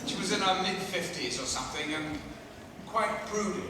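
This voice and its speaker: A man in his sixties, a guest at a convention panel, telling stories to an audience with lively, profane mimicry. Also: high voice, normal speed, noisy background. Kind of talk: storytelling Q&A with audience. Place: large convention hall. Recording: echoey hall from far off with loud crowd.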